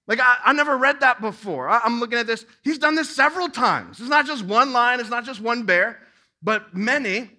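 Guy preaching, high ringing voice, reads the bible then pushes hard on the crowd. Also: normal speed, pushed and bright. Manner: reads scripture and breaks off to preach to the congregation; builds to emphatic, rising exhortation. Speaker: pastor. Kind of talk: sermon.

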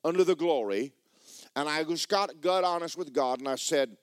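A pastor, preaching a sermon and telling a personal story with emotion, often repeating himself and speaking straight to the congregation. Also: male voice, fairly high pitch, expressive, moderate pace, no room sound, clean studio sound.

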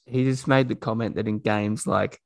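A man's voice: on the low side, steady tone, normal speed, creaky, dry recording. A man co-hosting a podcast, chatting loosely about footy and slipping into mimicry when retelling what others said. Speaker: podcast co-host. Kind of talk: casual sports chat.

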